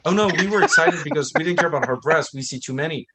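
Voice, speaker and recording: A man from France, a guest on a video call, talking in an animated, mocking way and acting out quotes. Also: a little high, quick pace, very noisy. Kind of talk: casual chat.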